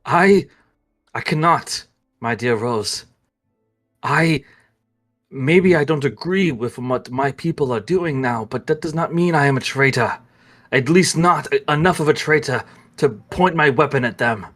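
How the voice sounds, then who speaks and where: A man voicing a grim male dark-order warrior who speaks in measured threats. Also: mid-range voice. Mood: conflicted.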